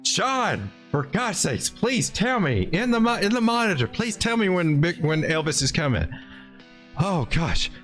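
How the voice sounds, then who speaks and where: A man's voice: sits high, sing-song, unhurried, fairly bright tone, soft background music. A man hosting a live chart-reading stream, joking and rambling as he talks through the charts and greets his chat. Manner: jokey, rambling, easily startled. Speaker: livestream host. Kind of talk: casual livestream chart commentary.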